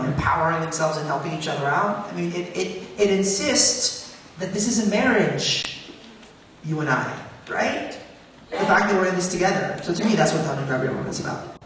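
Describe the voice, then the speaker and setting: A man speaking onstage at a public event, earnest and animated, his voice rising on questions. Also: high voice, slight background noise. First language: Tagalog. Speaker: guest speaker. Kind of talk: onstage conversation. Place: high school auditorium. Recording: echoey hall from far off.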